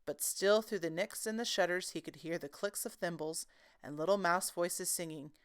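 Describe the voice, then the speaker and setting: A woman reads a classic children's tale aloud in a gentle, expressive way. Her voice sits on the low side. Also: moderate pace, smooth. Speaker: storyteller. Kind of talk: children's book read-aloud.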